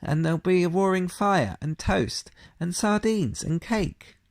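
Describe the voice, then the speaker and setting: A man's voice: high voice, unhurried, gravelly, no room sound, voice pushed up. A man voicing a polite, nervous male faun who speaks courteously and exclaims easily, in a storybook reading. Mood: fussy polite.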